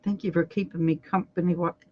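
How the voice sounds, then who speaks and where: A woman's voice: on the low side, fairly even intonation, fast, husky. A woman hosting a crochet livestream, chatting casually and outspokenly as she works, laughing often. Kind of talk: casual chat while crocheting. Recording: dull lo-fi livestream audio.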